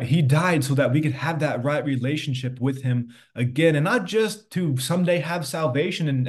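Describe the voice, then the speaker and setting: Guy giving a chill sermon, talks to listeners like a friend, lots of "right?". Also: medium pitch. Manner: conversational preaching, quotes scripture, frequent "right?". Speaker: pastor. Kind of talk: sermon to an online audience.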